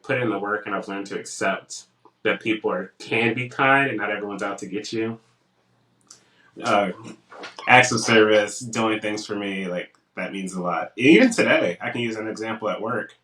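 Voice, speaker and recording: A man's voice: fairly low pitch, echoey room, distant mic, low-quality recording. A young man co-hosting a casual podcast, telling stories and acting out what people said to him. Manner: animated storytelling, acts out quotes. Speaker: podcast co-host.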